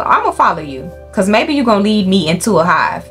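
A young woman runs her let's-play in an animated, cussing, chatty way, scolding the game animals and joking with viewers. Her voice sits at a middle pitch. Soft game music plays faintly behind her. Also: a little fast. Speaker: gaming YouTuber. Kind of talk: casual let's-play commentary.

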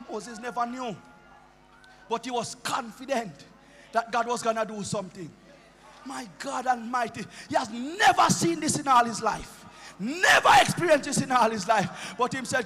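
A Jamaican bishop preaching a sermon in a church, his impassioned delivery rising into chanted shouts. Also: extremely high pitch, normal speed, slightly rough, long reverb tail. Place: church sanctuary.

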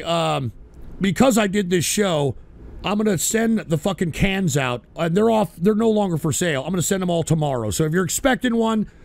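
A man hosting a livestream show, ranting with constant swearing, shouting at trolls, and tacking "all right?" onto his sentences. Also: sits high, vocal fry. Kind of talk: profane livestream rant.

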